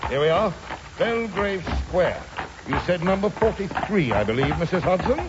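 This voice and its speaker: A man's voice: high voice, animated, normal speed. A man playing a pompous, theatrical Victorian detective. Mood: commanding. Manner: pompous, theatrical, mock-grand. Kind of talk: comic radio-play acting. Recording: dull lo-fi recording, loud hiss.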